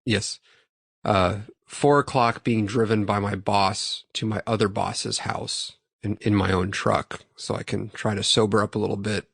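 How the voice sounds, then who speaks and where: A man's voice: on the low side, steady tone, a little slow, creaky, fairly bright tone, slightly rough, dry recording, studio quality. Profane laughing storyteller, a young man. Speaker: podcast host. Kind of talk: casual chat.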